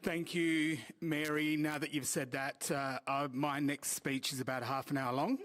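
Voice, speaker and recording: A man's voice: fairly high pitch, little pitch movement, a little slow, fairly bright tone. An Australian man from Port Augusta giving an earnest, joking community talk, with many fillers. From Port Augusta, South Australia. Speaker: community speaker. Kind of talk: informal public talk at a meeting. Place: community hall.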